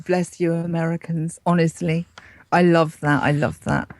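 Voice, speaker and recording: A woman's voice: deep voice, little pitch movement, moderate pace, darkish tone, dry recording, studio quality. A woman with an English accent, co-hosting a casual chat in a playful, teasing way. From England. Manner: playful, teasing, laughs easily. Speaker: co-host, correspondent.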